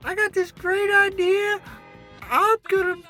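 A woman's voice: extremely high pitch, measured pace, music in the background. A woman playing a vain, self-absorbed chatty woman, dramatically whining through a one-sided comedy phone call. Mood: gossipy scheming.

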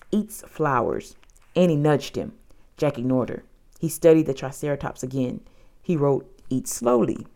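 A woman narrating a children's storybook in an expressive, dramatic way. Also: sits low.

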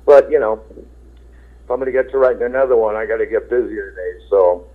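A man's voice: fairly low pitch, a little fast, husky. A middle-aged man, a rock singer, telling rambling, laid-back stories with swearing in an interview, acting out quotes. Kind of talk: casual storytelling interview. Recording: tinny phone line.

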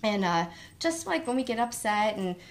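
A kindergarten teacher tells stories in casual conversation, her voice full of animated pitch swings. She's a lively storyteller whose pitch rises quickly.

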